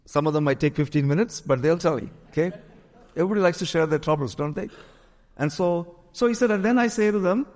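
A man's voice: on the high side, fast talker, darkish tone, in a large hall. A pastor telling a story in a sermon, acting out the voices of the people he quotes.

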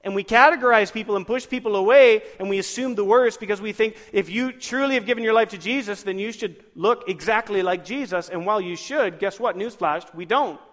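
A man preaching in a church sanctuary with a fairly high voice that carries a long hall reverb. He keeps it lively, throwing questions at the congregation and chuckling between points. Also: fairly quick, hardly any pauses. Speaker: pastor. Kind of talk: sermon.

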